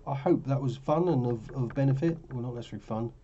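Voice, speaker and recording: A man's voice: mid-range voice, fast, mellow, breathy edge, highs cut off. A tired man talking casually through his trading charts, rambling and correcting himself as he goes. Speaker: forex trading vlogger. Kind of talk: casual screen-share commentary.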